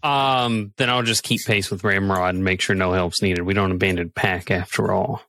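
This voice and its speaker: A man's voice: low voice, fairly even intonation, moderate pace, a bit bright. A man playing a tabletop role-playing game, answering the game master in a laid-back, blunt way. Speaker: player.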